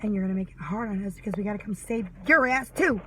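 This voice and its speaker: A woman's voice: medium pitch, fast, a little hiss or hum, low-quality recording. A mother ranting angrily to camera, sarcastic and full of swearing. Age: adult mother. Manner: heated, sarcastic, swears a lot. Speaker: vlogger. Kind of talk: angry ranting monologue.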